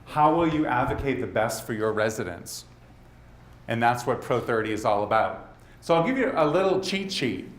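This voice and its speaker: A man with a Boston accent giving a presentation at a leadership summit, talking straight to the audience and tossing in quick asides. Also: medium pitch, expressive. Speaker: conference speaker. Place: conference hall. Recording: roomy hall with faint background noise.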